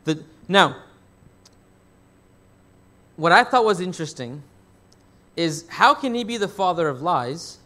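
A man's voice: on the high side, sing-song, slow pace, long pauses, bright, forceful tone. A man preaching a sermon as pastor. He asks the congregation questions and answers them himself, rephrasing as he goes. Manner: rephrases and restarts mid-thought.

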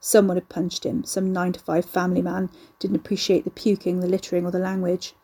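Mellow, husky woman narrator. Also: on the low side, completely flat delivery, a little fast. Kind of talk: audiobook narration.

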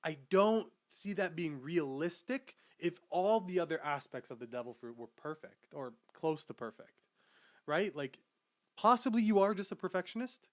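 A young adult man hosting a casual podcast about manga chapters, rambling with many fillers and growing excitable as he talks. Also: on the high side, no echo, studio quality. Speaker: podcast host.

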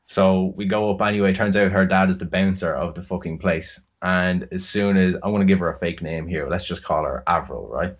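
A man's voice: deep voice, fairly even intonation, brisk. A young Irish man telling a rambling, sweary story in casual chat. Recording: dull lo-fi recording.

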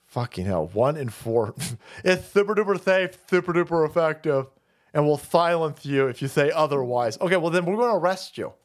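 A man's voice: a little high, lively intonation, moderate pace. A man hosting a livestream, ranting in a profane, rambling, sarcastic way and laughing often. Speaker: stream host. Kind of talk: ranting commentary.

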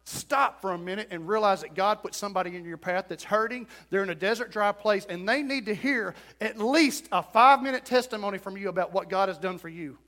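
A man preaches a folksy sermon in church. His voice sits high and sounds bright and forceful. He trades joking asides with the congregation as he goes. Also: fairly quick, few pauses. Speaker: pastor.

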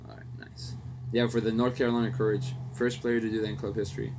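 A young man co-hosting a casual podcast, telling animated stories in slang and swearing freely. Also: on the low side, fast, noisy background. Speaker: podcast co-host. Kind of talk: casual chat.

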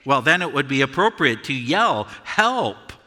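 A man preaching a sermon as pastor, speaking in a measured way with his voice carrying through a church. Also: mid-range voice, lively intonation. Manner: measured preaching, shouts example words. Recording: church hall reverb.

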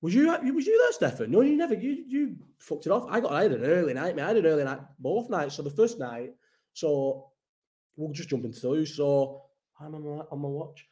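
A man's voice: on the high side, animated, a little fast, darkish tone. A young man hosting a casual live-chat stream, rambling, swearing and answering viewers' comments as he goes. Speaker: livestream host.

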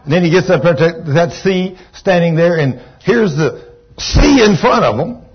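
A man's voice: high-pitched, expressive, a little slow, husky. A Texan man preaching a sermon, folksy, rambling and enthusiastic. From Texas. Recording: dull lo-fi recording.

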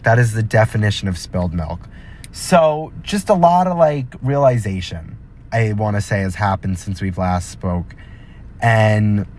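A young man hosting his own podcast, chatting casually and rambling, joking and talking straight to his listeners. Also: on the low side. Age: young adult. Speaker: podcast host. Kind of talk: casual solo chat.

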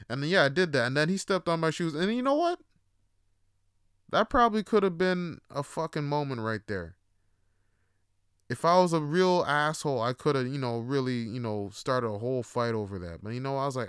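A man rambles through a story, cursing freely and piling on fillers. His voice is smooth and resonant, of middle pitch, and it is recorded close and dry with no room echo. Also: expressive, brisk, a bit bright. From Toronto. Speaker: podcast host. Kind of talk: casual monologue.

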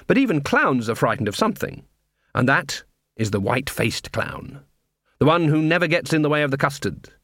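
Male narrator, audiobook, measured, dry close sound, mid-pitched. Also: fairly bright tone, no echo. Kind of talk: scripted narration.

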